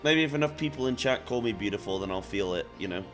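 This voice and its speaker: A man's voice: fairly low pitch, expressive, quick pace, over music. A man streaming a video game, chatting casually with viewers in a laid-back, joking way.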